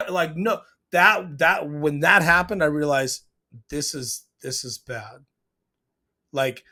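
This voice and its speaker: Sharp in tone and slightly higher-pitched, a man reviewing TV offers casual, opinionated commentary on a scene, going through it step by step and dropping into the characters' quoted lines.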